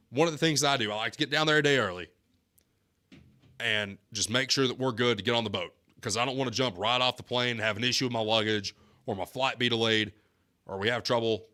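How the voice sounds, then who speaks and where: A man with a drawl hosts a radio talk show in a studio. His voice is bright and forceful, and he spins chatty stories with easy laughter. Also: medium pitch. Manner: chatty storyteller, laughs easily. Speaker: sports talk radio host. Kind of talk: casual radio chat.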